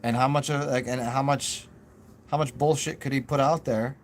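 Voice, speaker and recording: Rambling, halting man musing aloud. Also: medium pitch, fairly even intonation, soft background music. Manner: musing, halting, many fillers and restarts; goofy, self-mocking asides. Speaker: channel host. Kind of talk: rambling live chat with viewers.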